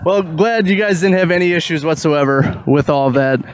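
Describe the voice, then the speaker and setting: A man's voice: a little high, normal speed. A man hosting a casual interview with a band, loose and chatty, laughing easily. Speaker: podcast interviewer.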